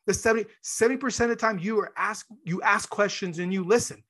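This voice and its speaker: A podcast host with a high, fairly bright voice talks fast and enthusiastically in an interview conversation. He rambles a little and acts out short scenes.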